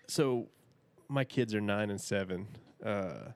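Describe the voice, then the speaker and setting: A man's voice: lowish voice, darkish tone. A man in his thirties, a podcast guest telling a rambling, folksy story and laughing often. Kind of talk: casual storytelling.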